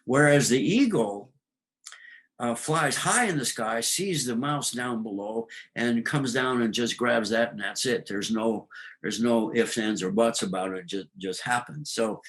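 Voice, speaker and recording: A man's voice: mid-range voice, fairly bright tone, rough recording. A man talking about astrology as a guest, in a loose storytelling way with many fillers. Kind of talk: casual explanatory talk.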